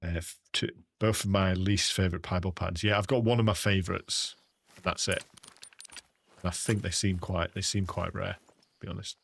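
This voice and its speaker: A chatty English man with a low voice and a gravelly, creaky edge, talking casually to his viewers. He keeps the commentary relaxed and friendly and keeps calling people mate. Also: moderate pace, no echo. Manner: chatty, laughs often, calls viewers "mate". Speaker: gaming livestreamer.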